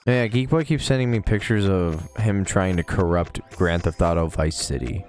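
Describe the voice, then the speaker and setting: A man's voice: sits low, normal speed, a little mellow, a little hiss or hum. A young man rambling casually on a live game stream, laid-back and swearing now and then.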